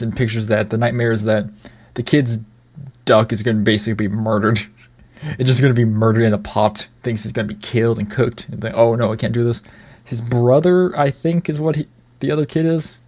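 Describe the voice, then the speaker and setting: A man's voice: mid-range voice, darkish tone. A man giving casual commentary on a film, rambling with many restarts, swearing now and then, bemused and chuckling. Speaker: video reviewer.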